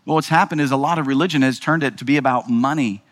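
A pastor speaks fast in a large hall, his mid-range voice fairly bright in tone. He preaches conversationally, tossing out rhetorical questions and checking in with the crowd through repeated "right?"

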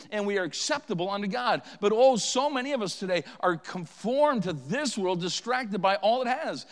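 A middle-aged man preaching a sermon as pastor, swinging between forceful declarations and hushed, quiet questions. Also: sits high. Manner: preaching with rising and falling intensity. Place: church sanctuary. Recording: long reverb of a church hall.

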